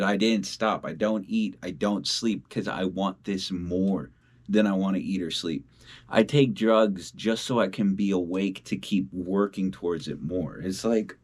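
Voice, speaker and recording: A young man in a casual video diary, talking bluntly and swearing a lot. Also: sits low. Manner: blunt and heavily profane. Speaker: independent musician. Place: at home.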